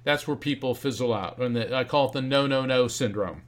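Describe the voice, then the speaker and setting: A man in a podcast interview, telling a spirited story with a voice that leaps high and drops low as he acts out each person he quotes. His pitch sits in the middle for a man, and he laughs now and then as he speaks. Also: a little fast. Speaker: guest author and psychic medium.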